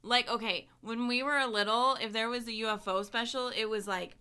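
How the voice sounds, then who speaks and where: A woman's voice: on the high side, steady tone, moderate pace, bright, forceful tone, smooth. A woman co-hosting a casual podcast chat, talking loosely with many "like" fillers and frequent giggles. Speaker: podcast co-host.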